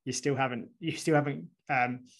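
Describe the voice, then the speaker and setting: Speaking at normal speed with a medium pitch and vocal fry, a man appears as a guest author in an interview. He explains ideas animatedly and conversationally, often restarting and adding "right?" asides.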